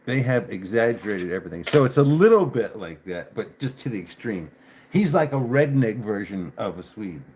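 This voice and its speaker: A man's voice: lowish voice, very animated, moderate pace, darkish tone. Guy rambling on his live stream, laughs a lot, swears a little, faint hiss behind him. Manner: chatty, laughs often, mild cursing. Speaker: livestream host. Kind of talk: casual live chat.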